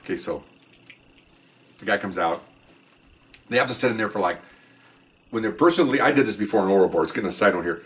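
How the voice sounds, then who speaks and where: A rather low-voiced man spins a story from his police days in an easy, chatty way, slipping into the voices of the people he quotes. He sounds a little off-mic, as if sitting back from it. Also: lively intonation, fast, pauses often, recorded from a distance. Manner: chatty, acts out dialogue, swears offhand. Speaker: retired police officer telling stories on a podcast. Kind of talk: casual first-person storytelling.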